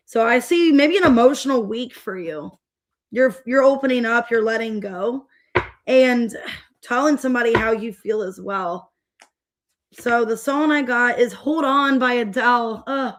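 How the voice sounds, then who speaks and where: A young woman giving a casual, rambling tarot reading and greeting viewers by name as she goes. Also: fairly high pitch. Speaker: tarot reader.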